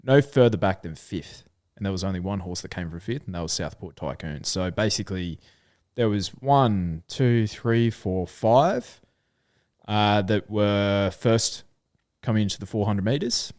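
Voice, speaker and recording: Here is an Australian man in casual podcast chat. His voice sits a little low but swings up and down a lot as he thinks out loud. The sound is dry and close, with no room around it. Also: a little slow, dry recording. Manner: animated, thinking aloud with fillers. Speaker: podcast co-host.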